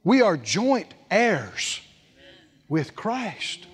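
Brief: man preacher, high and very lively voice, slow and emphatic, dramatic sermon. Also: husky. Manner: dramatic, acts out scripture scenes, emphatic repetition. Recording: long hall reverb.

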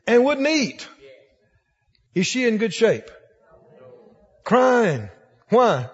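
A man's voice: extremely high pitch, sing-song, extremely slow, long pauses, breathy edge. A male preacher giving an emphatic, rousing sermon in a church and asking the congregation questions. The recording is dull, with long church reverb.

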